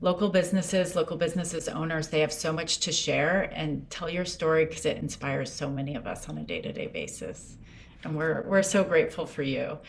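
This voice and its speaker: Woman, panel moderator, lowish pitch, encouraging, webinar. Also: expressive, normal speed, gravelly, a little hiss or hum.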